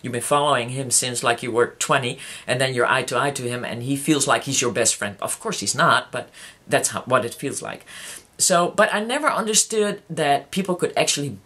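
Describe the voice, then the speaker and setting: Halting, heartfelt vlogger talking to subscribers. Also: medium pitch, fairly bright tone. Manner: halting, many restarts and fillers; openly emotional, heartfelt. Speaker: YouTuber addressing subscribers. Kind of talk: casual personal vlog.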